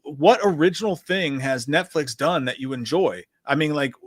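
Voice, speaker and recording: A man co-hosting a casual livestream discussion, talking in an animated, profane, rambling way as he reads through a list. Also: on the high side, normal speed, no room sound, studio quality. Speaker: podcast co-host.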